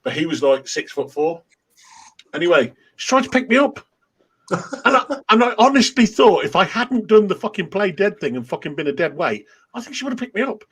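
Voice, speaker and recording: A man's voice: high-pitched, very animated, fairly quick, a bit bright, breathy edge. A middle-aged man with an English accent, chatting casually with friends, swearing freely and laughing often as he tells stories. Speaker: host of a chat stream. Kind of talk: casual chat among friends.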